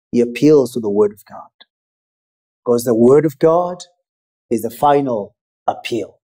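A man preaching a sermon in a measured, emphatic way with pauses. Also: high-pitched, mellow.

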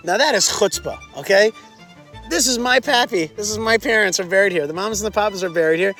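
A man with a notably high voice leads a tour through a historic site outdoors, telling history with animated energy. He tosses quiz questions to his listeners as he goes, while faint music plays underneath. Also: quick pace. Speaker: tour guide. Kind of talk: history lesson told on a tour.

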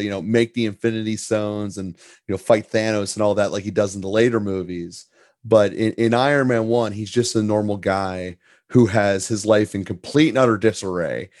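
A man from Pittsburgh answering interview questions in a relaxed, easygoing way, with fillers. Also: fairly low pitch, dry recording, clean studio sound. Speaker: podcast guest, entrepreneur.

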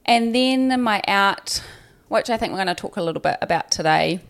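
A woman's voice: medium pitch, lively intonation, moderate pace, vocal fry. A woman, co-hosting a podcast in casual chat, talking with many fillers and frequent laughs. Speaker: podcast co-host.

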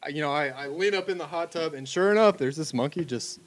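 A man telling a funny story in a casual chat, animated and laughing often. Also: on the high side, a little fast, no room sound.

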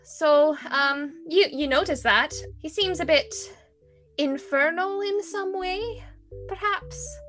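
A woman's voice: extremely high pitch, slow, over music. A young adult woman narrating a tabletop game as dungeon master, descriptive with hesitant fillers.

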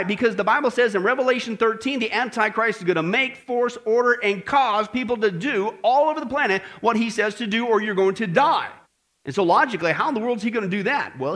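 A man's voice: high-pitched, a bit bright. A man preaching as pastor, emphatic and talking straight to the congregation with frequent asides. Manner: emphatic, addresses folks with frequent okay and right. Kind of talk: sermon.

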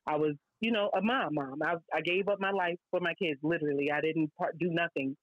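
New woman, podcast guest, blunt and lively storyteller, dry and muffled lo-fi sound. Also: deep voice, brisk, dry recording. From Brooklyn, New York. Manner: lively, blunt, heavy slang and asides.

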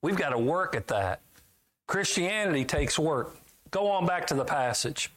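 A man's voice: animated, moderate pace. Folksy, emphatic man preaching a sermon. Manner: folksy, emphatic, swinging between loud highs and low asides.

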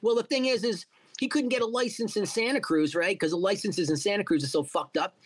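A middle-aged man with a notably high-pitched voice spins a profane, animated story in a relaxed interview. He swears constantly and slips into the voices of the people he quotes. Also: brisk. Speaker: guest, cannabis entrepreneur.

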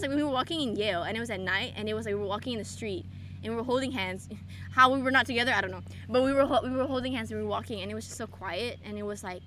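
A young woman with a high, bright voice talks with a friend in casual chat. She tells her stories in an animated, giggly way, and her pitch swings widely as she goes. A faint hum of room noise sits behind her. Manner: giggly, animated storytelling, frequent laughter. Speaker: friend answering questions.

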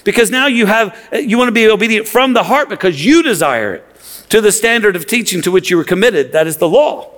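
Brisk and a little bright, the man's high voice moves with lively intonation through an impassioned church sermon. The pastor repeats words frequently as he pushes his message, and the recording carries a large hall's long reverb.

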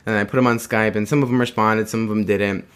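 A man's voice: lowish voice, steady tone, fast, fairly bright tone, clear, resonant tone. Guy rambling thru a story, laughs a lot, lots of restarts. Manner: rambling, laughing often, acts out voices in quotes. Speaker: guest telling a story. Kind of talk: casual storytelling chat.

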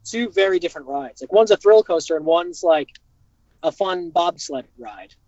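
A young man hosting a casual chat, telling stories in an animated way and swearing freely. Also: high-pitched, normal speed, no room sound. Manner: profane, animated storytelling. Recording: dull, dry lo-fi recording.

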